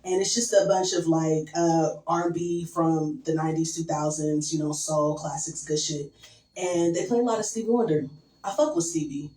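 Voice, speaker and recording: A young woman doing a stand-up set, crude and deadpan, with lots of "um" and "like". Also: low-pitched, normal speed. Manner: crude, deadpan, filler-heavy. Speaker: stand-up comedian. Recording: echoey room from far off.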